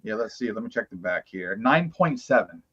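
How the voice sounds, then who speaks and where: A man co-hosting a live stream, joking and arguing loudly in casual chat. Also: fairly low pitch, lively intonation, brisk, breathy edge, dull audio. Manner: boisterous, argumentative joking. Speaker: co-host.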